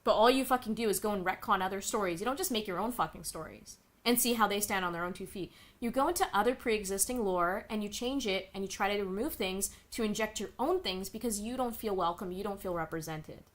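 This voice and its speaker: Reacting to news on her stream, a young woman rants in a profane, exasperated way, reading out chat messages and responding to each. She speaks fairly quickly at a medium pitch, with hardly any pauses.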